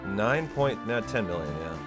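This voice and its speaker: A man's voice: fairly low pitch, expressive, moderate pace. A man chatting casually with his viewers while speedrunning a game live, rambling and laughing often. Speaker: speedrunner streamer. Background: game music.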